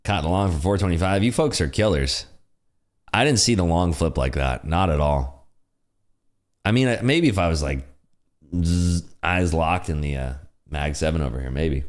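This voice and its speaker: Male livestream host, deep voice that swings up and down a lot, loose jokey chatter, frequent laughter. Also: expressive, moderate pace. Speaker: day-trading livestream host. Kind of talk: live trading commentary chat. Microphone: desk computer streaming setup.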